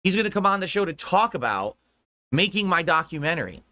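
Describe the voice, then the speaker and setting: Rambling American man with a bright voice. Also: on the high side, very animated, brisk, no echo, studio quality. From United States. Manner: rambling, laughs often, swears casually. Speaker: streamer talking to his audience. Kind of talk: rambling casual stream chat.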